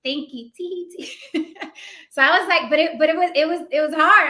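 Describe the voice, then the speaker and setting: A woman hosting an interview show, telling candid stories in a casual, expressive way and laughing often. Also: high-pitched, moderate pace. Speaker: show host.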